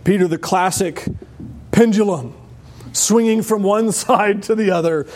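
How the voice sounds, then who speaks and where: A man preaching a sermon as pastor, animated and wry, often laughing as he explains a passage. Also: high voice, measured pace, slight background noise.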